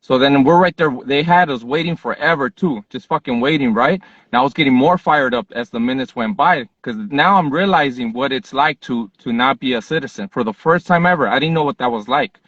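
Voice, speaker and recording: A man from Southern California, hosting a podcast, telling a personal story in a casual, animated, profane way. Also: medium pitch, brisk, few pauses, no room sound, dull audio. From Southern California, USA. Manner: animated, profane, fired-up retelling. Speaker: podcast host.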